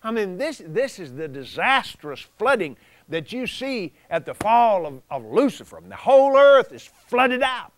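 A man preaching a folksy sermon, telling the story with chuckles and animated storytelling. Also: sits high, moderate pace, no echo.

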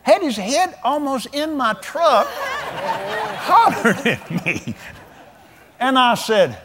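A man's voice: very high-pitched, sing-song, takes it slowly, pauses often, background noise. A man in his seventies preaching a folksy sermon, telling stories with a chuckle and plain colloquial talk. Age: 70s. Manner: storytelling, chuckling, drawling colloquial speech.

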